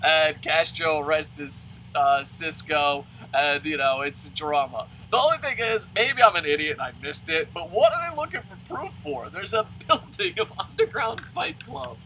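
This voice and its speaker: Loud, profane man ranting. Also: lively intonation, normal speed, hardly any pauses, a little hiss or hum, low-quality recording. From New Jersey. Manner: loud, swearing, laughing, swings into high shouts. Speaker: wrestling show reviewer. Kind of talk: profane animated ranting review.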